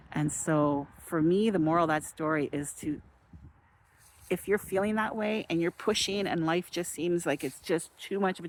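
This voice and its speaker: Low-voiced woman musing spiritually. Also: slight background noise. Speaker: spiritual vlogger. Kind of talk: casual storytelling and spiritual musing.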